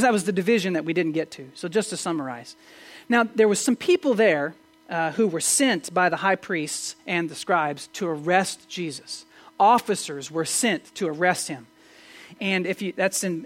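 A pastor giving a conversational Sunday-morning sermon in church, often asking rhetorical questions and stumbling into quick restarts. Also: medium pitch. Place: church service.

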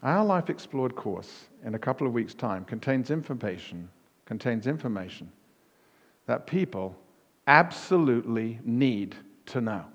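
A man preaching a sermon as pastor, emphatic, with punchy repetition that rises to near-shouts on key words. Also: medium pitch, very animated, a little slow, highs cut off. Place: church hall. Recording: long reverb of a church hall.

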